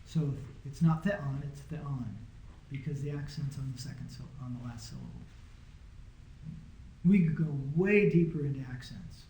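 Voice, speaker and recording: Medium-pitched, gravelly and warm, the man's voice moves at normal speed, with a little hiss or hum in the echoey room. He gives an informal Greek lesson to a small class, patient and casual, often confirming his students are following along.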